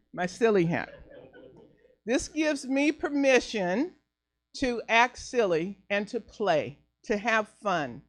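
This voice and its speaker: A middle-aged woman minister giving a playful sermon, slow and deliberate, laughing easily as she leads the group. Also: mid-range voice, dry recording. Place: church sanctuary. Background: faint piano.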